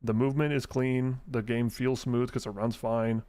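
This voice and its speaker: Swearing, animated male game streamer. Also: medium pitch, normal speed. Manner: animated, exasperated ranting with frequent swearing; mutters menu choices under his breath while playing. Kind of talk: casual live-stream gameplay commentary.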